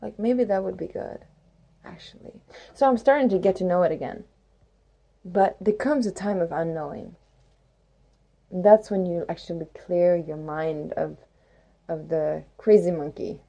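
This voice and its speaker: A woman's voice: fairly low pitch, moderate pace, long pauses, warm tone. A woman hosting a spiritual talk in a rambling, reflective monologue with playful rhymes and many fillers. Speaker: spiritual podcast host.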